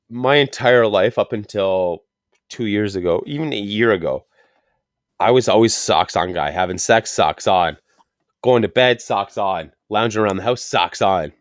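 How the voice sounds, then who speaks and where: A young man with a lowish voice hosts a laid-back cigar podcast, cracking crude jokes and rambling through stories. The sound is dry and close. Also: dry recording. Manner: crude, joking, rambling storyteller. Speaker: podcast host. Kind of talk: casual cigar podcast chat.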